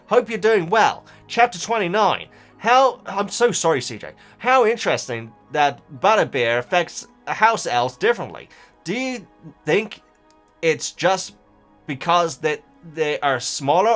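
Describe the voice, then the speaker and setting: A man's voice: a little high, fairly bright tone. A man chatting casually as a YouTuber, reading viewer comments with rambling, stammered restarts. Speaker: YouTuber reacting to book comments.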